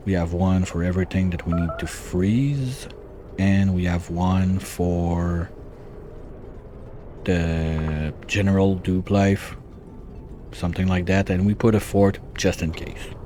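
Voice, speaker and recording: Slow, deep-voiced man thinking aloud. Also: mellow, slight background noise. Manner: thinks aloud while planning, muttering calculations. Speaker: gameplay streamer. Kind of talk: casual let's-play commentary.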